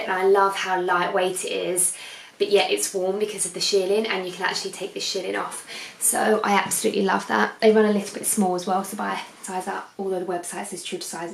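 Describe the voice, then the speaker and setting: A woman's voice: medium pitch, creaky. A young woman in her twenties chatting casually in a beauty vlog, rambling and often drifting off topic as she sits on her sofa at night. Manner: rambling, keeps digressing. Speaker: beauty vlogger. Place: living room, on a sofa, at night under a harsh light. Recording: echoey indoor room.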